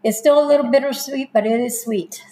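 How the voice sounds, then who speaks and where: A woman's voice: sits high, a little fast, poor audio. A woman of fifty or more with a New Mexican accent, telling her life story casually as an interview guest, laughing often and acting out past conversations. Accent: New Mexican English. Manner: laughs often, animated retelling with quoted dialogue.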